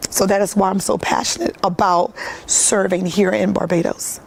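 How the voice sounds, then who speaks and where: A woman's voice: medium pitch, flat delivery, moderate pace, gravelly, a little mellow, slight background noise. A woman from the United States, a foundation founder, telling her story with earnest emotion in a morning TV interview.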